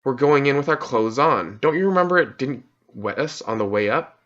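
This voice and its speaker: A man's voice: mid-range voice, lively intonation, moderate pace, fairly bright tone, close to an everyday voice. A man reading an audiobook, voicing an easygoing young boy in a slightly raised, boyish voice. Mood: matter-of-fact. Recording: dull lo-fi recording.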